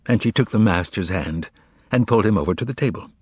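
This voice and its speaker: A man narrating an audiobook novel in a measured, expressive storytelling manner. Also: lowish voice, husky, no echo. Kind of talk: scripted narration.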